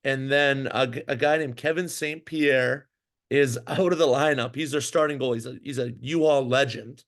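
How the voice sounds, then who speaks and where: In a laid-back interview, a man from Minnesota who used to tend goal in pro hockey spins a long yarn at normal speed. His pitch is medium, and his animated, wandering delivery is thick with fillers and restarts.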